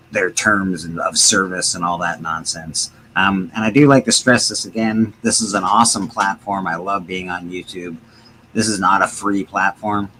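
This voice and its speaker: A man's voice: deep voice, sharp tone, a little hiss or hum, low-quality recording. A man hosting a live stream, chatting in an easygoing, joking way. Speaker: host of a live comics stream. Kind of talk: casual chat.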